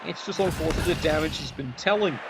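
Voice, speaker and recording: A man's voice: a little high, fast talker, background noise. A man giving wry, sarcastic play-by-play commentary on a video game match.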